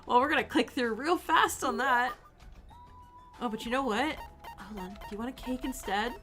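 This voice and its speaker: A young woman gives casual play-by-play on a game stream in a high, bright voice. She is excitable and giggly and talks straight to the characters, with faint game music underneath. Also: moderate pace. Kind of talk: casual gameplay commentary.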